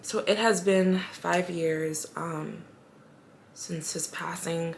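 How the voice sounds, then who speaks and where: A young woman telling her personal story in a vlog, emotional and halting, pausing often to steady herself. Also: lowish voice, vocal fry, a little hiss or hum. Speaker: vlogger.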